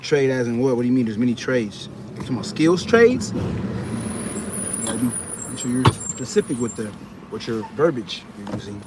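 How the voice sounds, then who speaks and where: Heavy background noise surrounds a medium-pitched American man speaking at normal speed with lively intonation as he hosts a casual livestream. Though tired and yawning, he jokes loosely, uses slang, and answers the chat.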